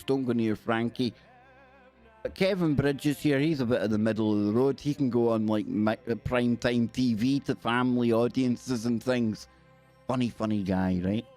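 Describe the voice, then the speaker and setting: A man's voice: medium pitch, a little mellow. A man hosting a casual live stream, reading an article aloud and chatting with viewers. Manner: chatty, reads aloud and talks to chat viewers.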